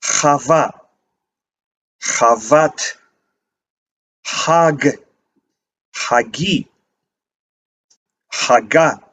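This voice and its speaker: A man teaching a language lesson, reading word lists aloud and pausing to give short meanings. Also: mid-range voice, a bit bright. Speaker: Hebrew teacher. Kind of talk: slow vocabulary reading lesson.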